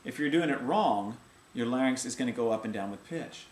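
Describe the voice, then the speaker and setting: In a casual video voice lesson, a middle-aged man explains vocal technique and breaks into short sung vowel demonstrations. His medium-pitched, darkish voice is expressive and a touch fast, recorded in an echoey room with faint ambient noise.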